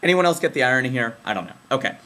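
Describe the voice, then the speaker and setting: Animated young man riffing in comic commentary. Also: racing. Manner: animated, casual, slangy, with sudden drops into low asides. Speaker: comedian. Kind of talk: comedic political commentary monologue.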